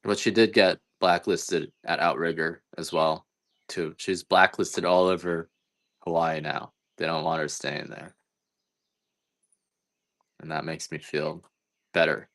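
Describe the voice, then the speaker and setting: A man's voice: low voice, fairly even intonation, takes it slowly, pauses often, a bit bright. A man hosting a casual live-stream coffee sale, rambling and joking at his own expense. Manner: rambling, joking, self-deprecating. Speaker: livestream seller of coffee. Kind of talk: casual live-selling chat.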